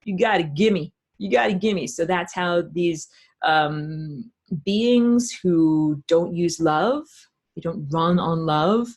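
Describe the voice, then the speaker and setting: Lady teaching an online class, kinda low voice, rambles and stresses things a lot. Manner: rambling and emphatic, many fillers and restarts. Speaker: spiritual teacher.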